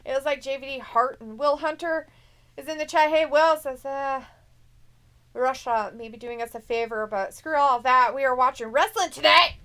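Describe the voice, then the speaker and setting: A woman's voice: high-pitched, moderate pace, a bit bright. A woman co-hosting a live stream, chatting casually and reading viewer messages aloud in a teasing, jokey way.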